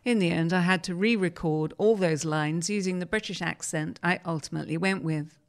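A woman presenting and reading newspaper articles aloud in a measured, plain way. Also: on the low side.

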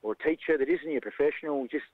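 An Australian man who coaches jiu-jitsu, talking in a lively, casual way and acting out the voices of people in his stories. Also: a little high, fast talker, dry recording, narrow, tinny audio. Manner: animated storyteller, acts out quoted voices. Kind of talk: casual conversation.

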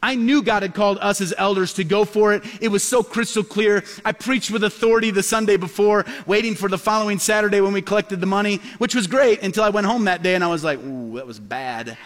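A middle-aged male pastor preaching a sermon as a lively storyteller, acting out the voices he quotes. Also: sits high, fast, few pauses. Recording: long hall reverb.

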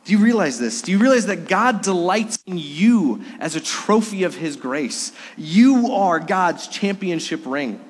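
An earnest male pastor delivers a Sunday sermon with a slightly high voice. His words ring out with long reverb through a church sanctuary, and he drops his voice low and soft for emphasis. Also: lively intonation, slightly rough. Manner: earnest preaching with dramatic pauses.

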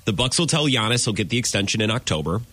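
A man co-hosting a sports talk radio show, laying out his analysis quickly and acting out quotes as he goes. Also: fairly low pitch, expressive, sharp tone, breathy edge, dry recording. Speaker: radio co-host.

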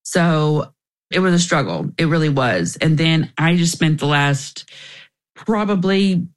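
A woman's voice: deep voice, animated, unhurried. A young woman, a guest in an interview, telling her personal story candidly and emotionally, with restarts along the way.

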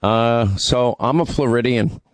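A man's voice: medium pitch, a little slow, no room sound. A man hosting a radio talk show, rambling conversationally through ad reads and news, with fillers and restarts.

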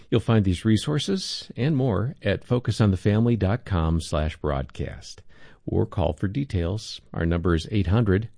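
A man reading a scripted radio show announcement in a smooth, measured promotional manner. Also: lowish voice, dark tone, no echo, studio quality.

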